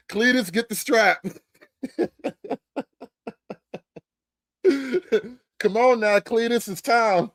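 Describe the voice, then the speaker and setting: A man's voice: very high-pitched, very slow, long pauses, no room sound, clean studio sound, voice pushed up, heavily acted. A man putting on the voice of a rural man who keeps calling for his wife to fetch his gun, in a mocking drawl with bursts of laughter.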